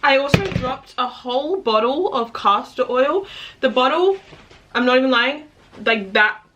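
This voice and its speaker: A woman telling stories in a casual reading vlog, chatty and animated, acting out what people said and laughing often. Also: sits high, a little slow, noisy background. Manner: chatty storytelling, acts out quotes, laughs often. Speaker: book vlogger.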